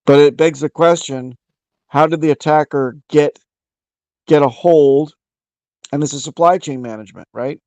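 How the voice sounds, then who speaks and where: A man's voice: fairly high pitch, moderate pace, long pauses, a little mellow, no room sound. A man talking in a casual online voice chat, making his case at length and restarting his sentences as he goes. His voice is dry and close to the mic, with no room sound around it. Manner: opinionated, explains at length with restarts.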